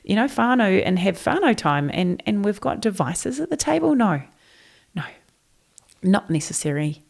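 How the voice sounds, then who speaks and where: Gravelly New Zealand woman, emphatic guest. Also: medium pitch, normal speed. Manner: emphatic, animated, forthright. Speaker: podcast guest, neuroscience trainer. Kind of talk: casual interview chat.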